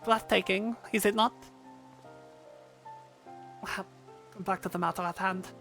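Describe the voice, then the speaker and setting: Woman doing a courtly German-accented gentleman. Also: medium pitch, steady tone, gravelly, faint music behind. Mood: courteous. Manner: formal, measured, courtly phrasing. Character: refined German-accented male scholar, courteous.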